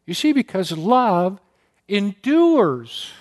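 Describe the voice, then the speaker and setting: Very animated and drawing out his words, a fairly high-voiced pastor tells earnest, deeply felt stories in his sermon, his voice sometimes catching as he gets choked up. His delivery swells and dips to emphasize key words before the congregation.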